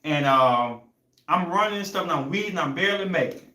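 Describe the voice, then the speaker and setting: A man's voice: on the high side, animated, a little fast, sharp tone, roomy sound. A young man hosting a podcast, telling a story in a loose, rambling way and searching for words. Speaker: podcast host. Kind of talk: casual storytelling chat.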